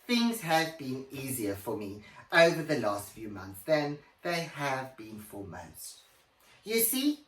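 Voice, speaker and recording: Haughty grande dame, voiced by a man, slow and swooping, recorded in a roomy room on a distant mic. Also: mid-range voice, a bit bright, voice pushed down. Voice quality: grand, theatrical, swooping delivery. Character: pompous posh older English woman podcaster. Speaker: podcast host character. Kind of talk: comedic character monologue.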